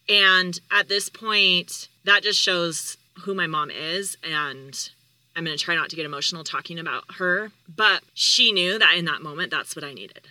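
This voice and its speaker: A woman's voice: lowish voice, lively intonation, normal speed, pushed and bright, no room sound, low-quality recording. A woman hosting a podcast, telling a personal story in a candid, heartfelt, conversational way. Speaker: podcast host.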